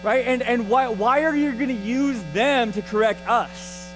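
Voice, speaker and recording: High-voiced man teaching a Bible lesson. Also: unhurried, faint music behind, rough recording. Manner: conversational, often checks in with "right?" and "okay?"; restarts and repeats words often. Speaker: church teacher.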